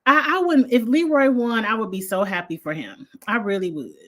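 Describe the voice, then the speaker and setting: A woman, reviewing a reality show in a blunt, animated casual livestream chat with frequent laughter. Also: on the high side, normal speed. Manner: blunt, animated, laughs often, uses slang.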